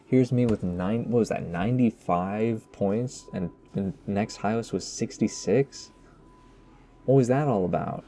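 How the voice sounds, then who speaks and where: A man's voice: lowish voice, a little slow, dark tone, a little hiss or hum. A man giving casual, rambling post-game commentary over his own gameplay, joking at his own expense and tossing asides to viewers. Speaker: gaming commentator.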